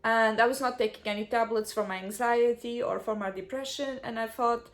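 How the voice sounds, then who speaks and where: A young woman vlogger telling a personal story in a halting, heartfelt way, often restarting and apologizing. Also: a little high, fairly even intonation.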